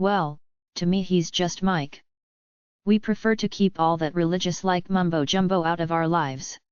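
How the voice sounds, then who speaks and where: A woman voicing a young woman, the hero's kind girlfriend, speaking in a warm, easygoing way. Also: fairly low pitch, moderate pace, smooth, dry recording, close to an everyday voice. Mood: casual. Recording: dull lo-fi audiobook recording.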